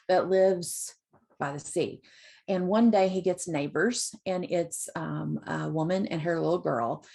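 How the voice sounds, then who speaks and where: Woman, literacy teacher; unhurried, gravelly voice pitched a bit low, giving an informal book talk. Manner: slow, relaxed retelling with many ums. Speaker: literacy educator sharing picture books.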